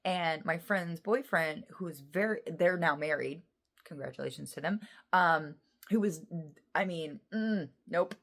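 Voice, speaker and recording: Excitable low-voiced woman reading tarot. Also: a little slow. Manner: emotional and excitable, rambling with many restarts. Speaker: tarot reader. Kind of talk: casual tarot card reading to viewers.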